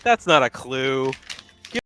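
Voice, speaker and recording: A man's voice: medium pitch, very animated, takes it slowly, sharp tone, a little hiss or hum. A man in his forties co-hosting a casual live stream, playful and groaning through jokes. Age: 40s. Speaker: co-host.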